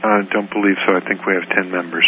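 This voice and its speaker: A man chairing a committee meeting by phone, reading out the agenda in a measured, procedural way. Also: sits low, level tone, dull audio, a little hiss or hum. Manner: measured, procedural, reads out items.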